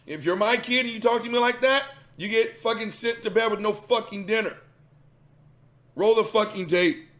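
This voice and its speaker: A man's voice: high voice, moderate pace, fairly bright tone. A man hosting a reaction commentary, ranting combatively and sarcastically with lots of swearing. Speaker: commentary host.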